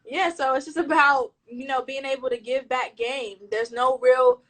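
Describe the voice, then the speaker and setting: A woman's voice: high-pitched, fairly even intonation, moderate pace, a bit bright, rough recording. A woman stylist chatting casually in an interview over a video call, slangy and full of restarts. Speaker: fashion stylist.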